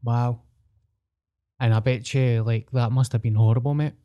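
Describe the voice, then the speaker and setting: A man's voice: medium pitch, fairly even intonation, moderate pace, dark tone, dull audio. A man with a Scottish accent, co-hosting a podcast in a laid-back, joking, sweary way. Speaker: podcast co-host. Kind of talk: casual chat.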